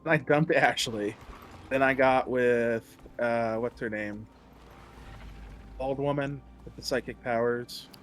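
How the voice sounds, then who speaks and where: A man's voice: mid-range voice, fairly even intonation, takes it slowly, a bit bright, a little hiss or hum. A man chatting casually while streaming a game, laid-back and musing, with a sarcastic streak. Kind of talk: casual gaming stream chat.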